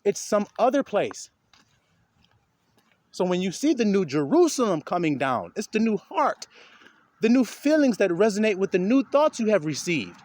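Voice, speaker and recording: A man preaching an informal, profane street sermon, swinging between loud outbursts and low asides and acting out the voices of the people he quotes. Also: very animated, normal speed. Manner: profane, colloquial.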